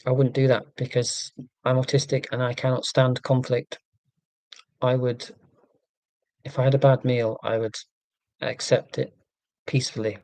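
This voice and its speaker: A man's voice: medium pitch, flat delivery, unhurried, long pauses, darkish tone, no echo. A man from England hosting a live stream, chatting in a rambling, self-deprecating, joking way. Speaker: livestream host.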